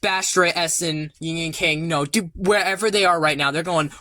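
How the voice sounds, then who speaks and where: A man rambling excitedly about his own story ideas, swearing often and getting loud when worked up. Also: fairly high pitch, normal speed, no room sound. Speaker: creator rambling about his original characters. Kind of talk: excited casual monologue.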